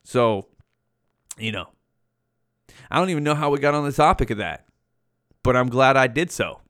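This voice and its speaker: A man's voice: medium pitch, animated, moderate pace, fairly bright tone, clean tone, dry recording, studio quality. A young man hosting a solo podcast from home, rambling casually with heavy swearing and slang. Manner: profane, slangy, rambling with many fillers. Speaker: podcast host. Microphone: headphones and podcast mic.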